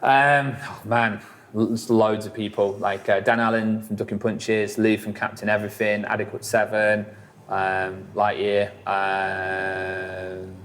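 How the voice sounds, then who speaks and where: A man's voice: lowish voice, level tone, measured pace, fairly bright tone. A man, a musician guest telling rambling stories in a casual interview, full of fillers and swearing.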